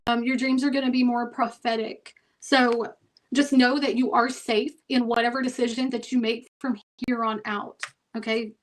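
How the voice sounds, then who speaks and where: A woman's voice: a little high, little pitch movement, normal speed, a little hiss or hum, rough recording. A woman doing a tarot reading for her viewers, chatty and emphatic, often checking in with "okay" and "y'all". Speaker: tarot reader.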